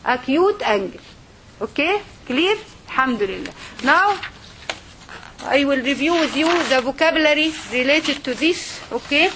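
High-voiced teacher. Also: female voice, lively intonation, unhurried, sharp tone, a little hiss or hum. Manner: repetitive, checks understanding with frequent "okay?". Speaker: Arabic and Quran teacher. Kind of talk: classroom lesson.

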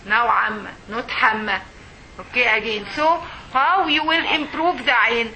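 Woman, high voice, bright tone, slow patient recitation teacher, faint noise behind. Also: animated. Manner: slow, patient, repeats words for students to echo. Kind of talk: teaching a class.

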